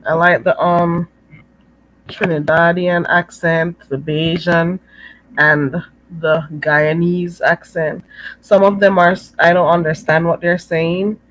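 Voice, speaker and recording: A woman's voice: on the low side, slow, fairly bright tone, no room sound, low-quality recording. A Jamaican woman hosting a live stream, chatting casually with viewers, laughing often and calling them "girl.". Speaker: livestream host. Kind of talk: live-stream chat reading comments.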